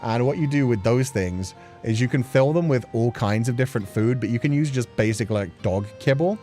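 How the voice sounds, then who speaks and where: A man chatting casually on a livestream, playful and quick to laugh, answering questions from chat. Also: mid-range voice, warm tone, faint music behind. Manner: chatty and playful, laughing often between thoughts. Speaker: streamer. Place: at home.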